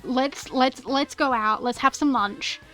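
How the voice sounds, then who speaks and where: Woman putting on a fussing, encouraging male boss, a touch higher than a normal speaking voice, nudging and reassuring. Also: unhurried, bright, forceful tone, faint music behind. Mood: coaxing. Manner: coaxing, encouraging. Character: caring male boss fussing over a young colleague.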